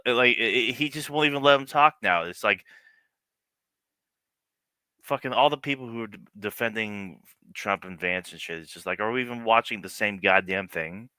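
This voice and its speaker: A man's voice: on the low side, moderate pace, bright, forceful tone, clear, resonant tone, no echo. A man streaming live, reacting to a news clip with profane, sarcastic commentary and laughing asides. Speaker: livestream political commentator.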